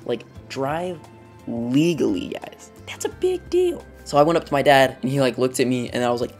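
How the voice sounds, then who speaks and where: A teenage boy vlogging a storytime, rambling and excitable, filling his talk with "like.". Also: mid-range voice, moderate pace, faint music behind. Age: teens. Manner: excitable, rambling, heavy use of "like". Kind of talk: storytime vlog.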